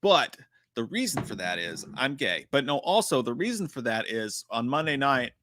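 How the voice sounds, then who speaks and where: Animated, foul-mouthed male stream host. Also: medium pitch, normal speed, slight background noise. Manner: profane, animated and joking. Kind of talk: casual live-stream chat reacting to horror trailers.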